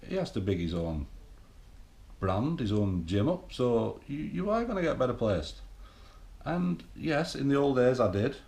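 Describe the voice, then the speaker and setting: There's a gravelly, slightly mellow quality to this middle-aged Englishman's mid-range voice, and he's highly animated yet unhurried. As a bodybuilding vlogger, he delivers a rambling, profane motivational monologue to camera in a room with echo.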